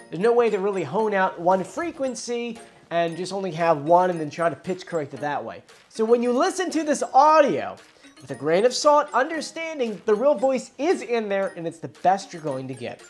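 A woman hosting her own channel explains things in a chatty, enthusiastic way. Her pitch moves about a lot as she talks. Faint music plays beneath her. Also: sing-song, moderate pace. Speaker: channel host. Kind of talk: casual explainer.

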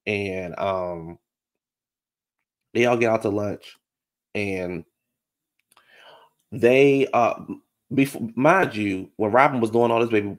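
A man with a gravelly voice, pitched a little low, hosts a reality show recap. He talks in a sassy, gossipy way and keeps calling his listeners baby and honey.

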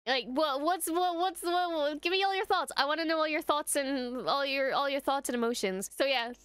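A woman's voice: sits high, moderate pace, a bit bright, dry recording. A woman hosting a reaction video, talking casually and emotionally, swearing freely and trailing off as she gushes. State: emotional after watching. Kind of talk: casual post-episode reaction chat.

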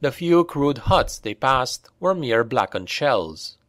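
A man narrating a dark fantasy audiobook in a steady, measured storytelling voice. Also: medium pitch, no echo, clean studio sound.

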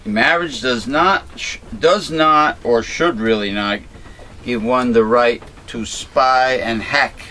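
A man's voice: mid-range voice, takes it slowly, pushed and bright, a little hiss or hum. A man hosting a casual talk show, chatty and hesitant, often repeating and restarting his words. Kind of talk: casual chat.

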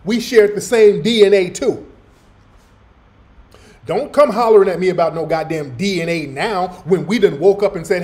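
A man's voice: sits high, expressive, normal speed, a little mellow. A man from the United States, hosting a heated and mocking reaction commentary on a played clip. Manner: heated, mocking, repeats his points. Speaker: host.

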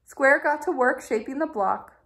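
A woman teacher reads a children's picture book aloud with gentle, unhurried storytelling. Her voice sits a little high and moves with lively intonation. She paces the narration for young listeners. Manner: gentle, expressive, slow storytelling.

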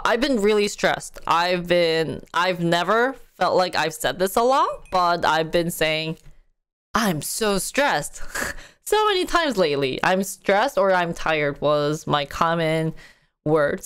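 A young woman with a Korean accent talks through her week in a loose, chatty podcast style, full of fillers and quick laughs. Her voice sits a little low for a woman. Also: clear, resonant tone. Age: young adult. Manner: chatty, animated, laughs often, many fillers. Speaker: content creator and streamer. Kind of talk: casual podcast chat.

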